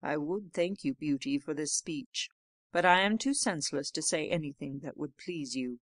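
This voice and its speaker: A sorrowful male beast from a storybook, low and gruff, speaking with humble, awkward politeness, as a woman reader puts him on. The voice is dry and close. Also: a little slow, no room sound. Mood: sad. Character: gentle, sad, clumsy male beast.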